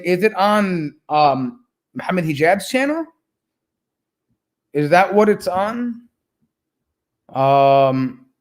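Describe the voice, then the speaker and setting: High-voiced man mocking in rambling commentary. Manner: mocking, rambling with many fillers. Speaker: reaction video host. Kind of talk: casual live reaction commentary.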